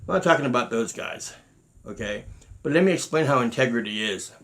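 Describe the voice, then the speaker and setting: A man's voice: medium pitch, animated, brisk, fairly bright tone. A middle-aged man, a martial arts grandmaster, talking emphatically in a monologue, repeating words and acting out quotes. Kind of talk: monologue telling stories.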